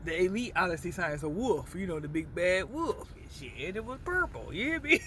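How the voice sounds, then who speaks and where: High, lively man rambling in a car. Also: brisk, slight background noise. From Battle Creek, Michigan. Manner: punning, joking, keeps asking "you hear me?", bursts of laughter. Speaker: vlogger. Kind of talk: rambling casual monologue.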